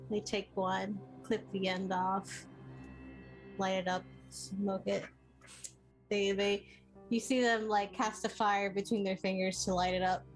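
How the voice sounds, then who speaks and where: A woman narrating as dungeon master in a tabletop game, hesitant with many pauses. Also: medium pitch, level tone, faint music behind, rough recording.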